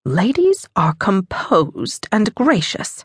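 A woman's voice: mid-range voice, huge pitch swings, slow pace, husky, dry recording, studio quality, exaggerated voice. A woman voicing a stern, proper wealthy society mother who disapproves easily, in an audiobook. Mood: disapproving.

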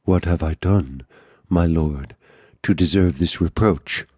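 A man's voice: deep voice, unhurried, a little mellow, no echo. A male audiobook narrator voicing a frightened notary of about fifty who speaks in a gloomy, trembling, pleading voice. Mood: fearful.

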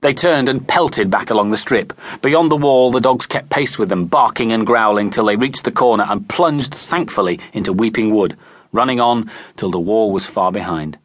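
A man narrating a children's audiobook in an expressive storytelling manner, recorded in a studio. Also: lowish voice, normal speed, no room sound. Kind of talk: scripted narration. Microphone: close studio mic.

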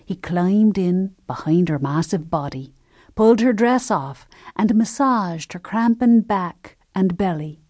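A woman narrating a historical novel as an audiobook, telling the story in a measured, gentle first-person voice. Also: mid-range voice, no echo, clean studio sound.

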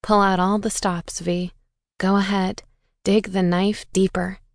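A woman's voice: medium pitch, level tone, unhurried, no room sound, studio quality, close to an everyday voice. A woman narrator voicing a desperate young woman pleading tearfully on the phone.

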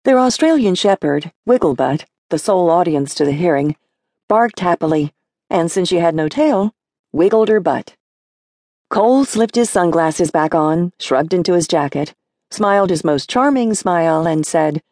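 A woman narrating a horror novel audiobook in a measured storytelling manner. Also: fairly low pitch, expressive, a little mellow, dry recording, studio quality. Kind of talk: scripted narration.

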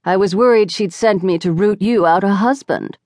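A woman's voice: medium pitch, moderate pace, a little mellow, no echo, studio quality, natural voice. A woman voicing Charlotte, a plucky tiny young woman who teases her friend. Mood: teasing.

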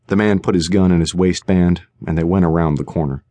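Deep-voiced male audiobook narrator, dry. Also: fairly even intonation, normal speed, few pauses, a little mellow, no room sound. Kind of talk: scripted narration. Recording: dry studio recording.

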